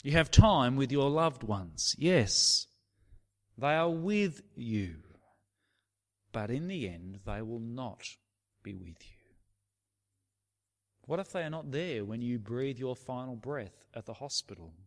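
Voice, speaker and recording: A man preaching a sermon, slow and emphatic, sometimes dropping his voice to a near whisper for effect. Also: mid-range voice, animated. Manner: slow, emphatic preaching with dramatic drops to a hush. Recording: long reverb of a large hall.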